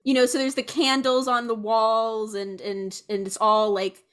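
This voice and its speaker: A woman's voice: fairly high pitch, unhurried. Young female co-host; casual, rambling delivery with lots of "like" and "um". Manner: rambling, animated, many fillers. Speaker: podcast co-host. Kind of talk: casual chat.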